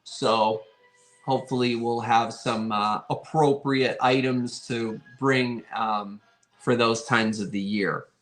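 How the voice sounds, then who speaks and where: A man's voice: mid-range voice, fairly even intonation, takes it slowly, fairly bright tone, soft background music. A man hosting a live online vintage sale, chatting casually and thanking his viewers often. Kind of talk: casual live-stream chat.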